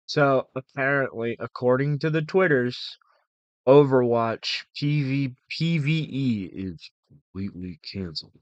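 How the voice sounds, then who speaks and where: A man's voice: mid-range voice, unhurried, dry recording, dull audio. A man giving casual reaction commentary on a stream, blunt and mocking, laughing often.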